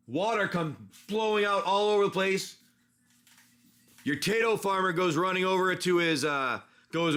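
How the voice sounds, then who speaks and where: A man's voice: fairly high pitch, sharp tone. A man running a casual tabletop-style adventure as game master, rambling with many restarts.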